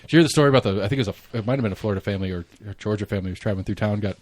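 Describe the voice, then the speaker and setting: A man's voice: on the low side, very fast, dry recording. Profane rambling Southern man. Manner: rambling, profane, many restarts. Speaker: podcast host. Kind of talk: casual conversation.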